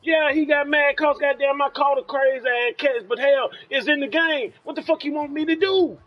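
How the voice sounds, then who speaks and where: A man with a Southern US accent, trash-talking on a live game stream in a loud, profane, heated rant. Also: very high voice, normal speed, highs cut off, faint music behind. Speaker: streamer playing a football video game.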